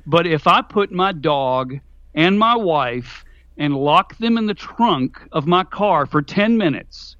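A man's voice: fairly high pitch, lively intonation, slow pace, fairly bright tone, no room sound, highs cut off. A man being interviewed as an author, answering with folksy jokes and anecdotes. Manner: jokey, folksy storyteller. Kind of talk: radio interview.

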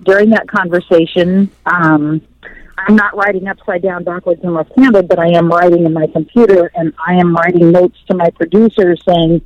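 A woman's voice: on the low side, steady tone, normal speed. A woman in her fifties, a radio host telling stories in casual chat, laughing easily. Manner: chatty storyteller, laughs easily. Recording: dull dry radio sound.

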